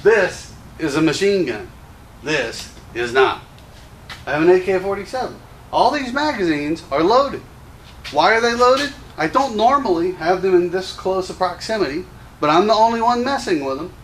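Gun shop owner, male, high-pitched, combative and profane on-camera rant. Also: lively intonation, a little fast, a bit bright, slight background noise. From Louisiana. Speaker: gun store owner and show host. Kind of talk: ranting commentary to camera.

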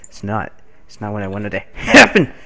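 A man's voice: fairly low pitch, normal speed, vocal fry. A man playing a game with a friend, bursting into laughter and swearing, playing the father in a casual gaming chat. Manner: excitable, swearing, frequent laughter. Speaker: gamer playing a father character.

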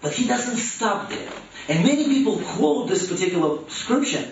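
High-voiced preaching man in an echoey hall. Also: very animated, moderate pace, a little hiss or hum. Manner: preaching with rising emphatic questions and soft drops. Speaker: youth pastor. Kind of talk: sermon. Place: church hall. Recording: echoey, distant, dull church room recording.

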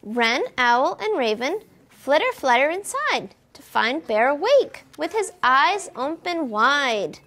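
A children's librarian's voice sits high as she takes her time reading a picture book aloud at library storytime. She reads expressively in a sing-song way and asks the children questions.

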